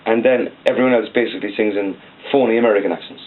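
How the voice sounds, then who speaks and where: A man's voice: lowish voice, steady tone, racing, phone-quality sound. A man in his forties with a Cork accent, a singer-songwriter chatting at length in an interview and ending phrases with "like". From Cork, Ireland. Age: 40s. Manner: rambling, peppers speech with "like". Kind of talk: casual interview chat. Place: back office of a record shop.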